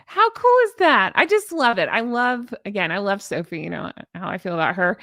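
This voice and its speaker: A woman's voice: medium pitch, expressive, brisk, a bit bright, dry recording. A woman hosting a casual live-stream commentary, chatty and gushing as she reads viewer comments aloud. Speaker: YouTube commentary host.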